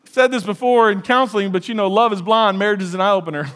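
A man preaching a sermon as pastor, animated, with shouted quotes and joking asides. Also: high voice, quick pace.

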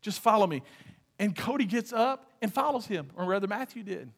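A man's voice: high voice, fairly quick. A man with a Texan accent preaching a sermon, telling stories animatedly and acting out quoted lines with humor. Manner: animated storytelling, acts out quotes, jokes with the congregation. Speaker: pastor. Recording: reverberant hall.

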